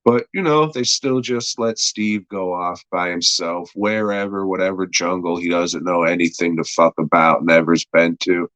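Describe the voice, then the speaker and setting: A man's voice: deep voice, fairly even intonation, normal speed, hardly any pauses, fairly bright tone, no echo, low-quality recording. A man hosting a podcast, recapping an episode's plot in a rambling, crude way, swearing a lot and filling gaps with uh. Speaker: podcast host reviewing an episode.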